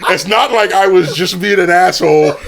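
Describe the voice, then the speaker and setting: Podcast co-host, man with a slightly high voice, laid-back explainer who chuckles. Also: moderate pace, gravelly, heavy background noise. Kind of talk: casual storytelling chat.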